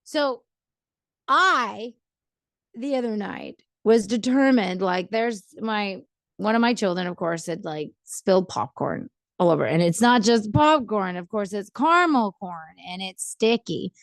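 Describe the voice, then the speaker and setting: A woman's voice: mid-range voice, animated, unhurried, no room sound, studio quality. A middle-aged woman giving casual relationship advice in a rambling, chatty way, often checking in with "right?".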